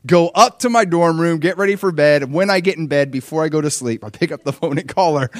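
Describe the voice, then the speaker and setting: Animated man preaching, higher voice. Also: brisk, dry recording, studio quality. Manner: animated storytelling, acting out voices and dialogue. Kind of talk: sermon.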